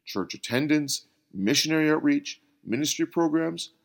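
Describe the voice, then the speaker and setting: A man voicing Jesus as a calm, patient mentor who asks gentle, probing questions. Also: fairly high pitch, normal speed, gravelly, pitched above the performer's own voice.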